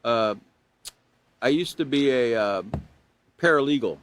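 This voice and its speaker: A man's voice: medium pitch, animated, a little slow, a little hiss or hum. A man in his sixties giving a live online class lecture on character education, folksy and rambling with chuckles and asides, and emphatic when he stresses rules.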